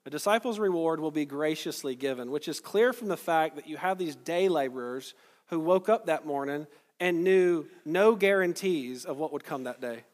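A man's voice: fairly high pitch, expressive, normal speed. A man preaching a sermon in a conversational tone. He explains the text verse by verse and puts questions to his listeners. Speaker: pastor. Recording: long hall reverb.

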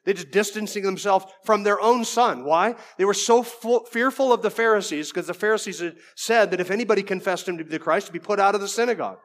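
A man with a notably high speaking voice delivers an expository sermon, walking through a text verse by verse. He keeps it conversational, with folksy asides and frequent stumbles and restarts. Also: fast, few pauses. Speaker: preacher.

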